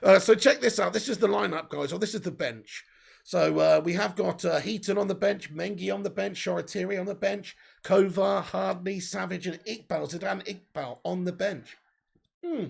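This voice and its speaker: A man with a sore throat, hosting a live football watch-along and reading out viewer comments in an excitable way. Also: high-pitched, normal speed, creaky, husky. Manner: excitable, swears, bursts into cheers.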